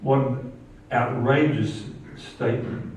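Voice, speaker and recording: A man preaching a sermon, getting animated and rising in pitch when he quotes scripture. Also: takes it slowly, slight background noise. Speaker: pastor. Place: church. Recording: echoey church hall, distant mic, dull sound.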